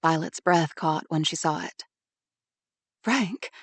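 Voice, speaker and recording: A woman narrating an audiobook in a measured, even way. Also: fairly low pitch, creaky, no room sound. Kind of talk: scripted narration.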